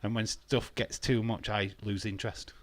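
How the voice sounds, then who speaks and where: A man's voice: lowish voice, little pitch movement, moderate pace. A man hosting a wrestling watch-along stream, ranting bluntly in casual talk, swearing freely and laughing often.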